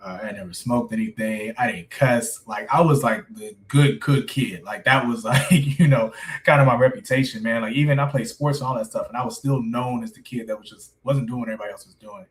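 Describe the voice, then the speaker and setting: A man in his thirties tells his life story in a relaxed interview. He laughs often and keeps dropping "man" and "you know what I'm saying" as he goes. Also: mid-range voice, brisk, low-quality recording. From United States. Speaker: coffee shop owner, guest.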